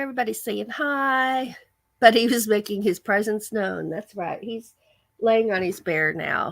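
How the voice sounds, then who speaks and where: A woman's voice: mid-range voice, unhurried, vocal fry, no room sound. A woman hosting a casual livestream, telling a chatty story and reading viewer comments aloud. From American. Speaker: livestream host. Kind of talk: casual live-stream chat.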